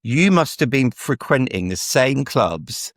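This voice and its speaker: A man's voice: mid-range voice, big pitch swings, takes it slowly, no room sound, studio quality. A man in his forties hosting a casual interview podcast, chatty and rambling with lots of asides. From England. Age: 40s. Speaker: podcast host.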